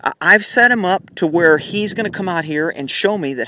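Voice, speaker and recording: Out in a windy pasture on horseback, a horse trainer chats in a folksy way, occasionally slipping into his horse's voice to voice its thoughts as asides. His high voice is pushed and bright, with lively intonation, a moderate pace and hardly any pauses. It's a rough recording from a handheld camera mic while riding, with faint wind and outdoor noise.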